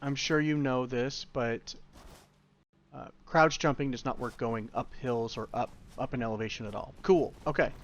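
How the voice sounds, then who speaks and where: A man's voice: medium pitch, normal speed, lo-fi sound. A young man giving casual, rambling tutorial commentary while playing a factory-building game, with self-deprecating asides. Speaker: gaming YouTuber.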